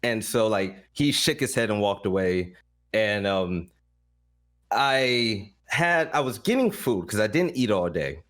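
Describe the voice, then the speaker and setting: Blunt storytelling man, low voice. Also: unhurried. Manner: animated, blunt, swears freely. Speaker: podcast guest, esports caster. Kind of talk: casual storytelling.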